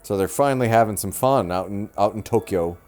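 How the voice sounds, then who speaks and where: A man's voice: on the low side, a little fast, darkish tone, faint music behind. A man in his thirties co-hosting a casual movie review podcast, joking and crude. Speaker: podcast co-host.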